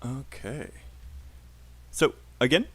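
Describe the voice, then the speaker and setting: Man, British accent, English teacher, live online lesson, encouraging, animated intonation. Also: medium pitch. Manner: encouraging, drills sentences slowly with students.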